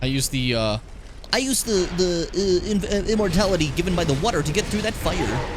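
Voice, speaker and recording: A young man commenting on his own gameplay in a casual stream, muttering to himself and then yelling at enemies. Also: sits high, normal speed, long pauses, background noise. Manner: animated, swings from mutters to yells at enemies.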